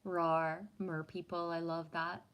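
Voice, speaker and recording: A woman's voice: lowish voice, flat delivery, takes it slowly, a bit bright, clean tone, low-quality recording. A woman from Canada chatting casually on a livestream, rambling and swearing freely while reading and answering comments. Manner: profane, rambling, talks to chat. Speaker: livestream host.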